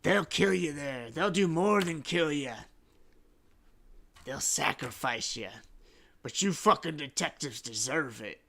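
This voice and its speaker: A man's voice: on the high side, measured pace, vocal fry, pushed and bright, voice pushed up, heavily acted. A man voicing a frightened male informant who pleads and curses in panic. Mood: panicked. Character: scared, desperate male informant snitch.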